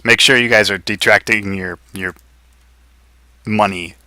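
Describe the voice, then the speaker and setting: A man running a tabletop game as game master, brisk and wry as he narrates and steers the players. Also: fairly low pitch, steady tone, bright, forceful tone, no room sound.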